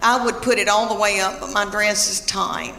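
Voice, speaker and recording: A woman's voice: medium pitch, fairly even intonation, moderate pace, creaky. A woman with a Southern US accent performing a chatty, drawling stand-up routine full of asides. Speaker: stand-up comedian. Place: large hall on stage before an audience. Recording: echoey hall with loud crowd.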